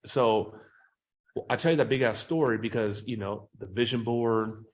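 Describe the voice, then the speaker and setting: Sales-trainer guest, male, mid-pitched, swearing freely, animated storyteller. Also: moderate pace. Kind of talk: casual interview talk.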